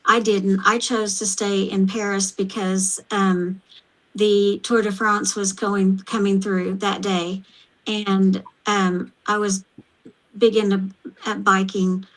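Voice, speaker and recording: A woman with an Oklahoma accent, hosting a casual chat and talking haltingly with many pauses and fillers. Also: medium pitch, level tone, rough recording. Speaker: host.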